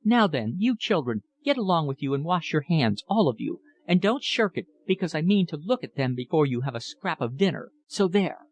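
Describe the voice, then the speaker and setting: A man's voice: a little high, very animated, moderate pace, few pauses, voice pushed up. A man reading an audiobook voicing a plump, teasing young woman who bosses her family about. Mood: bossy.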